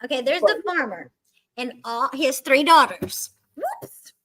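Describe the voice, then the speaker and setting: Woman rambling thru a joke, giggly, slightly high voice. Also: very animated, unhurried, sharp tone. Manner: giggly, rambling, loses her place. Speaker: podcast co-host. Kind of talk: casual joke-telling chat.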